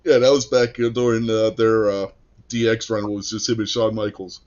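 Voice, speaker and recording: A man's voice: lowish voice, normal speed, dull audio. Man telling stories in a casual chat. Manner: animated storyteller, acts out quotes. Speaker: podcast co-host.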